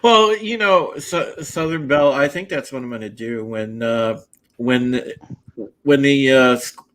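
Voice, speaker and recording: A man hosting a casual streamed chat show, rambling with halting restarts and frequent laughs. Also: mid-range voice, a bit bright. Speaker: podcast host.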